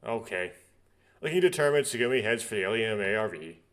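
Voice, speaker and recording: A man's voice: lowish voice, animated, racing, a bit bright. A young man reading a visual novel's text aloud and breaking off into rambling, nitpicking asides. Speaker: let's play host.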